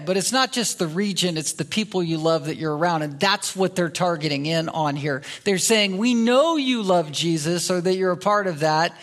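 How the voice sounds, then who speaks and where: High-voiced man preaching a sermon. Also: a bit bright. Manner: earnest expository preaching with emphatic repetition. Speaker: pastor.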